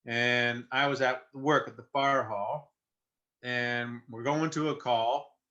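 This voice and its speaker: Earnest bright-voiced man. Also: mid-range voice. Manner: earnest, conversational, halting with restarts. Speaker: guest. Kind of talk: candid personal storytelling. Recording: muffled lo-fi sound.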